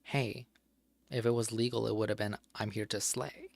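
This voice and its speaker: Playing alone on stream, a man mutters through crossword clues, spells out words letter by letter, and now and then curses in mild frustration. His low-leaning voice has vocal fry and a steady tone at a moderate pace. There is no echo.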